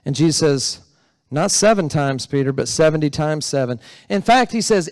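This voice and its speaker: A conversational, higher-voiced male pastor. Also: expressive, brisk, creaky, dry recording, clean studio sound. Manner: conversational preaching, asks the congregation questions. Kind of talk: sermon. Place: church sanctuary.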